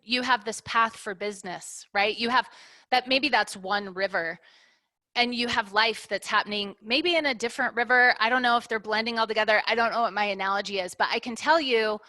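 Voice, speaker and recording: A woman's voice: on the high side, fairly quick, sharp tone, dry recording. A middle-aged woman business owner, talking candidly in an interview and working through her points with analogies, often ending them with "right?". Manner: reflective, uses analogies, ends points with "right?".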